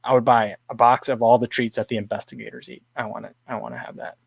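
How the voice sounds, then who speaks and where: A man's voice: mid-range voice, flat delivery, fast talker, vocal fry, breathy edge. A man hosting a casual livestream, rambling, chuckling often and reading viewer comments aloud. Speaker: livestream host.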